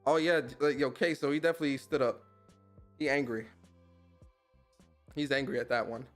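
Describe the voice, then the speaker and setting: A man's voice: mid-range voice, normal speed, soft background music. A man hosting a casual live-stream podcast, talking in a laid-back, slangy way and laughing often. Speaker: podcast host.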